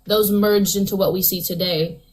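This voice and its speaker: A woman's voice: medium pitch, fairly even intonation, moderate pace, darkish tone, breathy edge, poor audio. A woman in a casual online debate, explaining her point at length with many fillers. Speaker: debate participant.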